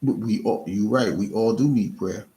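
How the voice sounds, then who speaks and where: A man's voice: lowish voice, normal speed, mellow. A man streaming live, giving casual, earnest encouragement to his chat, often restarting and repeating words. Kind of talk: casual motivational talk.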